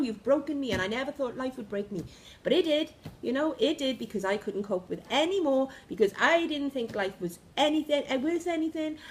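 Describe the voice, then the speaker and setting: Energetic woman, high voice. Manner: energetic, emphatic, repeats phrases. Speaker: spiritual vlogger. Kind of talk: impassioned motivational monologue.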